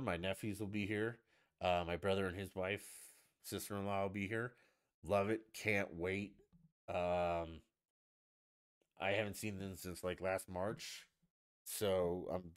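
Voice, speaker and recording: Man, fairly low voice, casual stream host, blunt swearing rant. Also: smooth. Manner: profane, blunt, ranting. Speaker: livestream host. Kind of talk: casual ranting chat.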